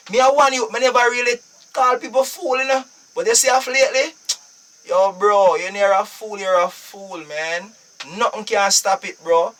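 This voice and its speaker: Jamaican guy on a live stream, high voice, preachy and repeats himself, kinda far off the mic. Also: normal speed, fairly bright tone. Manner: preachy, emphatic, repeats phrases. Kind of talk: casual live-stream talk.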